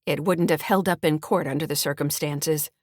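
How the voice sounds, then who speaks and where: A woman's voice: deep voice, steady tone, normal speed, a little mellow, no room sound, studio quality, lightly acted. A woman voicing a friendly small-town escrow officer in an audiobook, chatty and earnest. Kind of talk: audiobook character reading.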